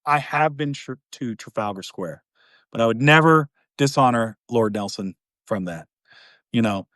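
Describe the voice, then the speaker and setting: A woman's voice: very deep voice, lively intonation, normal speed, a bit bright, dry recording. A woman in her fifties from the United States co-hosting a casual political chat, jokey and rambling with many fillers. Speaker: podcast co-host.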